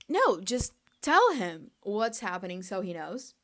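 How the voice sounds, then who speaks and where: A young woman vlogger chatting casually, an exasperated fan full of "like" and quick asides. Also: medium pitch. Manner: animated, exasperated fan ranting with lots of "like". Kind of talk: casual chat.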